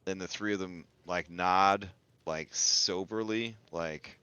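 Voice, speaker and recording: A man narrating as game master in a tabletop game, unhurried and full of fillers. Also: low-pitched, fairly even intonation, bright, forceful tone, clear, resonant tone, dull audio.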